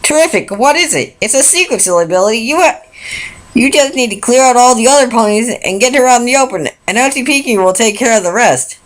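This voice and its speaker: A woman's voice: a little high, lively intonation, fairly quick, pitched above the performer's own voice, close to an everyday voice, rough recording. A woman voicing a hyper, bubbly female pink pony from a fan story, bouncy and playful in the way she talks.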